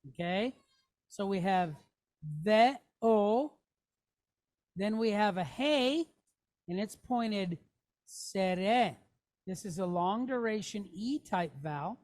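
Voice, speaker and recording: A woman teaches a classroom lesson at an unhurried, deliberate pace. She is patient, sounding words out and pausing to check in with her students before moving on. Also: medium pitch, animated, darkish tone. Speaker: Hebrew teacher.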